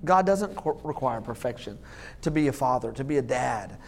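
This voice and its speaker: A man preaching a sermon as lead pastor, joking and laughing at his own jokes, halting with many fillers and restarts. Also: medium pitch, lively intonation, vocal fry, darkish tone.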